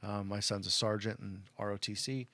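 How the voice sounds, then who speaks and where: A man's voice: lowish voice, fairly even intonation, moderate pace, sharp tone, no room sound. A middle-aged man from Arizona telling a personal story in a casual, rambling way, choked up and full of "like" and "you know". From Arizona, USA. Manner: rambling, heartfelt, lots of "like" and "you know" fillers.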